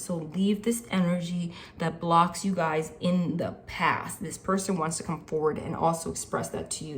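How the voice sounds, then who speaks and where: A woman's voice: on the low side, steady tone, moderate pace, few pauses. A woman reading tarot cards to her viewers in an earnest, chatty way, repeating the card meanings and often saying "like" and "okay". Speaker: tarot reader. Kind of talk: casual spiritual reading.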